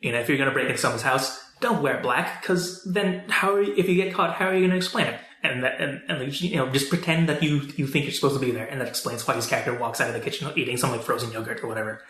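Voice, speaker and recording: A man with a bright, forceful voice rambles through a casual movie chat, full of fillers and false starts. His voice bounces around an echoey room. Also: mid-range voice, quick pace, few pauses. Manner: rambling, many fillers and restarts. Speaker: podcast co-host.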